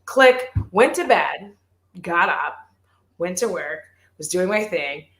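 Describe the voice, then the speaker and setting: A woman's voice: on the low side, expressive, a little slow, a bit bright. Chatty, swearing woman in an echoey room. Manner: profane, rambling storytelling with lots of "like". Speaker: beauty youtuber. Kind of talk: casual livestream chat.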